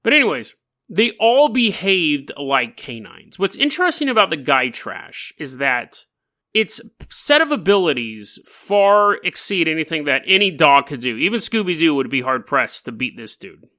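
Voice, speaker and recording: Bright, animated male podcast host. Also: a little high, moderate pace. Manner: animated, joking and rambling. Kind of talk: casual storytelling podcast.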